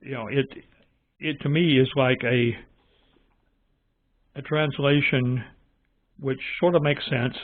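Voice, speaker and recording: A man talks through his views in a musing, halting, opinionated way, like a host chatting on his own channel. The audio is thin and phone-like. It is dry, with no room echo. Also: mid-range voice, steady tone. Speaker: channel host reviewing Bible translations. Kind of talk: casual spoken commentary.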